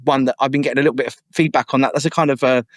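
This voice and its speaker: A young man talking fast and with energy, an MC who tells his stories casually and takes on the voices of the people he quotes. His voice sits at a middle pitch and sounds close and dry, with almost no room around it. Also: dry recording. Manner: animated, acts out quoted voices. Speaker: MC and guest artist. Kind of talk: casual interview storytelling. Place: podcast studio.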